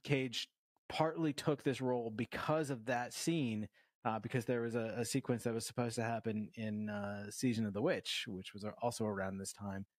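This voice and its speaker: A man's voice: medium pitch, steady tone, normal speed, dry recording. A man co-hosting a casual movie review podcast, talking in a rambling way with many fillers, restarts and swearing. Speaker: podcast co-host.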